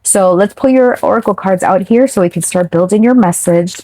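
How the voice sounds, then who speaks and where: A woman's voice: mid-range voice, brisk, hardly any pauses, mellow, dry recording. A woman giving a casual, chatty tarot reading straight to her viewers, now and then swearing offhand. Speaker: tarot reader.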